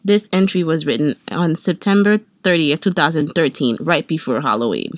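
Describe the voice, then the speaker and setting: A woman's voice: sits low, moderate pace, no room sound, studio quality. A woman co-hosting a podcast in casual chat, wry and dramatic, laughing often. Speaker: podcast co-host.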